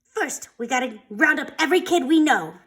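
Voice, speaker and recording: A woman's voice: high voice, pitched above the performer's own voice. A woman doing an eager young boy. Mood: excited. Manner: quick, pleading and excited. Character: clever young schoolboy hero, eager. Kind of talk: children's storybook read-aloud.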